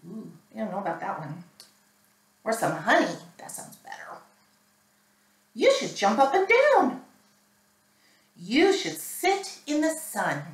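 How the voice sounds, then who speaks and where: A woman librarian reading a picture book aloud to children, animated and asking her listeners questions. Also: mid-range voice. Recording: roomy, mic at a distance.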